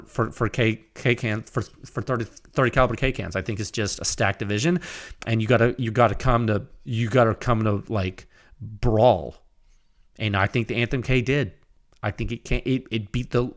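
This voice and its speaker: A man hosting his own podcast, talking alone into the mic. He sounds excitable and rambling, often restarting his sentences before he gets going. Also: mid-range voice. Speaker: podcast host. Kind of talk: solo podcast talk.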